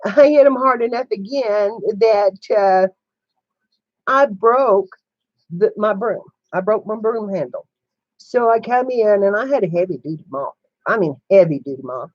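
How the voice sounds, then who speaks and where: A woman's voice: mid-range voice, unhurried, no echo, lo-fi sound. An older woman hosting a casual livestream chat from home, telling stories, laughing often and greeting viewers as they come in. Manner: chatty storyteller who greets viewers mid-story and laughs a lot. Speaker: channel host. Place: home room with sewing setup.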